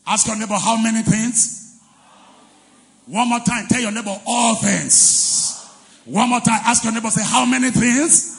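A man preaching a sermon as pastor, leading the congregation in call-and-response and shouting and chanting his key phrases. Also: very high-pitched, fairly even intonation, a little slow, vocal fry, long reverb tail. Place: large church hall.

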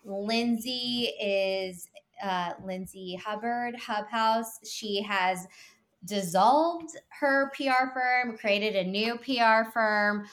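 A woman co-hosting a comedy podcast who explains things like a teacher, with quick joking asides. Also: a little high, fairly bright tone. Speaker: podcast co-host. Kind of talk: casual comedic chat.

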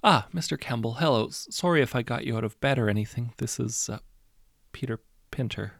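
A man's voice: mid-range voice, brisk, creaky, fairly bright tone, dry recording, studio quality. A man voicing a nervous, timid office clerk who stammers and apologizes.

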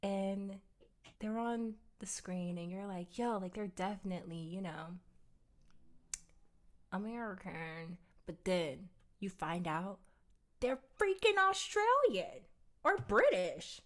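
Playful woman podcast co-host, lively pitch. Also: slow pace. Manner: playful, giggly, animated. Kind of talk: casual chat.

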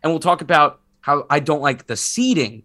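A man's voice: fairly high pitch, lively intonation, normal speed, pushed and bright. Sick man rambling on a sports podcast. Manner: rambling, self-mocking, many restarts. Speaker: podcast co-host. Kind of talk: casual sports podcast chat.

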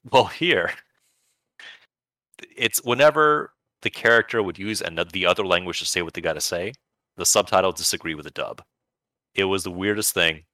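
A podcast co-host chats casually and enthusiastically about video games, rambling along with bursts of playful emphasis. His voice is deep with a sharp tone, and the recording is dry.

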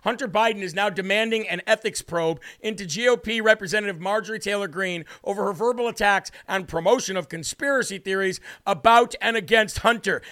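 A man's voice: high-pitched, a little fast, few pauses, sharp tone. A man hosting a political commentary show, combative and mocking, with emphatic delivery. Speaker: host.

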